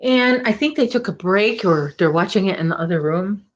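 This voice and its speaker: A woman's voice: mid-range voice, expressive, normal speed, dull audio. A woman hosting a crochet livestream, chatting casually and rambling with viewers, full of "like" and "oh my gosh". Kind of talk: casual chat with live viewers.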